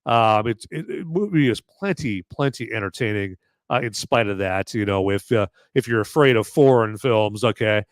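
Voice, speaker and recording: A man's voice: on the low side, expressive, moderate pace, no echo, clean studio sound. Rambling man with many fillers. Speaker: podcast host. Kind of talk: casual movie and beer review.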